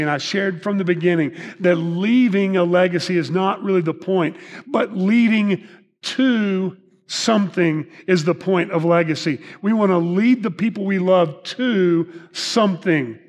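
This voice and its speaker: A male pastor with a high voice gives a sermon in a church sanctuary, where his words ring out in a long reverb. He talks to the congregation in a chatty way, joking and asking them questions. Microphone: microphone. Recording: reverberant hall.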